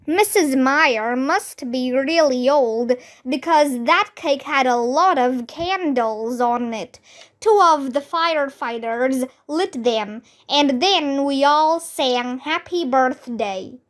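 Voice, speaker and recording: Slow, high-voiced woman reading a kids' book. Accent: Vietnamese. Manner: slow, expressive storybook reading with voiced shouts. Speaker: children's book reader. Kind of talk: reading a children's book aloud.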